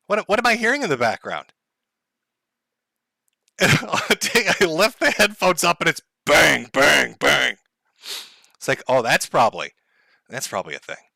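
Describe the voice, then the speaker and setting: A man hosts a livestream from his home, talking in a loose, sarcastic ranting style full of laughter, swearing and mock-tragic asides. His voice is bright and a little high, and his pitch swings widely. The sound is dry and close, with no room echo. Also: gravelly. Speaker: livestream host. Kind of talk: casual livestream rant. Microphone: headphones and desk mic.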